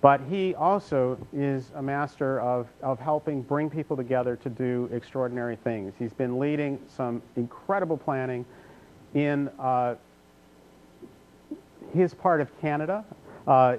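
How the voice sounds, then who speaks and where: A man moderating a workshop, introducing the next speaker in a halting way with fillers. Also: medium pitch, darkish tone, dull audio, slight background noise.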